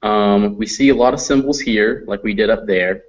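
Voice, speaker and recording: Man, American accent, low voice, phonetics lecture, slow demonstrated sounds, muffled lo-fi sound. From United States. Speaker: phonetics teacher. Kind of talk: classroom lecture. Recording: dull lo-fi classroom recording.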